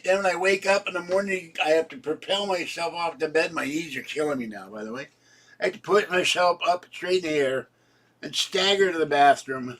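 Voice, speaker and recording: Old guy in his 70s, sick and hoarse, chatty vlog ramble, a bit far from the mic. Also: a little high, a bit bright. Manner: chatty, laughs at his own jokes, rambling. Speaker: vlogger. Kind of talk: casual rambling monologue. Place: home.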